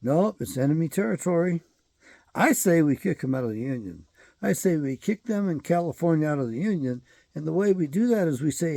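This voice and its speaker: A man's voice: on the high side, animated, fairly quick, vocal fry, mellow, dry recording. A man hosting his own show, delivering a rambling, profane and emphatic solo commentary monologue. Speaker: show host.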